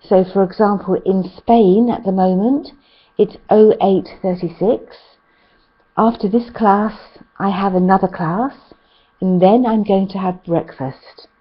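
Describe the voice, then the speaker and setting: A woman's voice: medium pitch, fairly even intonation, measured pace. A woman with a British accent, teaching an English class over a video call in a chatty way with frequent ums. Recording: slightly muffled call audio.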